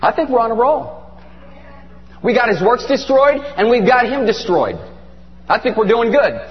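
A middle-aged man preaching a sermon with animated, emphatic storytelling. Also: very high voice, moderate pace. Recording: dull lo-fi recording in a reverberant hall with faint hum.

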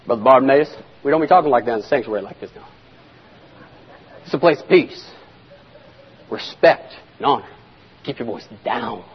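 A man voicing a prim male churchgoer who scolds a loud beggar to keep quiet, in a hushed, prissy manner. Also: high voice, rapid-fire, hardly any pauses, husky. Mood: prim scolding. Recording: echoey hall, dull lo-fi sound.

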